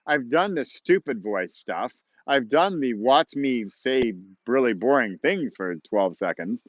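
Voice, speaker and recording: A man's voice: mid-range voice, animated, unhurried, dry recording, dull audio. A man hosting his own show in casual, encouraging talk, chatty and rambling with playful asides, recorded outdoors at dawn. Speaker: host of a motivational podcast-vlog.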